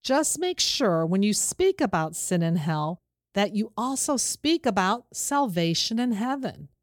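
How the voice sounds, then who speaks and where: Woman, religious instructional talk for parents, earnest and steady, mid pitch, dry close recording. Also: unhurried, dry recording. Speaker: Christian teacher for parents.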